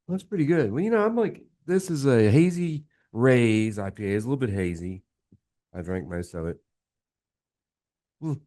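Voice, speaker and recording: A man's voice: mid-range voice, lively intonation, normal speed, long pauses, warm tone, no room sound, studio quality. A man on a radio show as a guest beer reviewer, chatting casually and rambling through jokes. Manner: rambling storyteller who acts out the voices in jokes. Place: radio studio. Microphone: studio mic.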